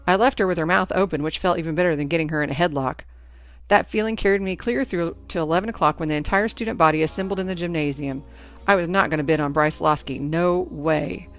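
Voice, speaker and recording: A woman narrating a first-person storybook in an expressive, anxious telling. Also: low voice, quick pace, soft background music. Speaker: audiobook narrator.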